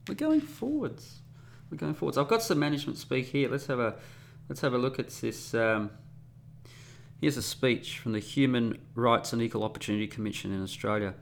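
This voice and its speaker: A man's voice: mid-range voice, fairly even intonation, fairly quick, gravelly, slight background noise. A man hosting a casual solo podcast, talking in a sarcastic, mocking, rambling way. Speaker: podcast host.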